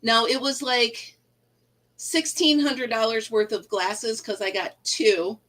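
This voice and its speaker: A woman's voice: a little high, steady tone, takes it slowly, fairly bright tone, low-quality recording. A middle-aged woman hosting a casual live chat, telling a funny story and laughing often. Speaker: livestream host.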